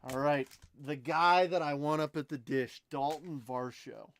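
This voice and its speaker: A young adult man hosting a live card break, giving chatty, excitable commentary and talking to viewers by name. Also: fairly high pitch, unhurried.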